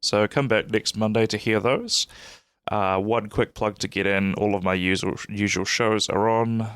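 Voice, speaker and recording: A man, stuffy from a cold, hosting a podcast in a relaxed, rambling way. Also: fairly low pitch, normal speed, dry recording. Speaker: podcast host. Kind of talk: casual solo intro.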